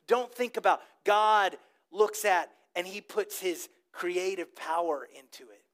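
High-voiced animated man preaching. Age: adult with a child old enough to talk. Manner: animated storytelling, asks the congregation to repeat words. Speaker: pastor. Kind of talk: sermon.

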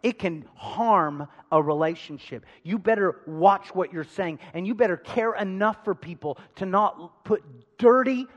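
A man preaching a sermon, calling out to the congregation for responses and swinging between loud emphasis and hushed asides. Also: high voice, measured pace, highs cut off. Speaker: pastor. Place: large church hall. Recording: long hall reverb.

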